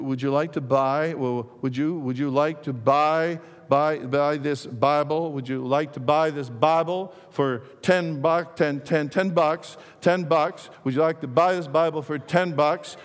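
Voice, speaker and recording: A man's voice: fairly high pitch, steady tone, a little slow, big-room sound, natural voice. A man playing a shy adult stutterer who repeats his words over and over in a heavy stammer. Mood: nervous. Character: anxious adult male stutterer, shy and humble.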